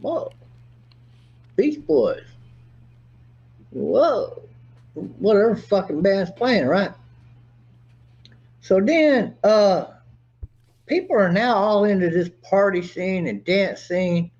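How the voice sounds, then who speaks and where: Man, high lively voice, slow, rambling, theatrical, lo-fi audio. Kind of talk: rambling monologue to camera. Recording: dull lo-fi video audio.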